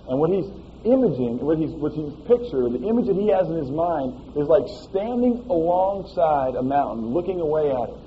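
A man preaching a sermon in a folksy, animated way, often asking "all right?" as he explains a scripture passage. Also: on the high side, normal speed, phone-quality sound, a little hiss or hum.

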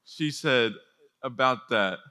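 A young man leading a youth ministry, telling a personal story to teenagers in an energetic, chatty sermon. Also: mid-range voice, takes it slowly. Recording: long hall reverb.

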